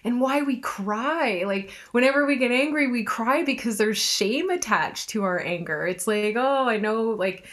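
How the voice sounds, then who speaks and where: A woman's voice: fairly high pitch, animated, a little slow, hardly any pauses, a bit bright. A woman speaking earnestly and reflectively in a casual conversation, speeding up when she gets passionate. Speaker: podcast co-host.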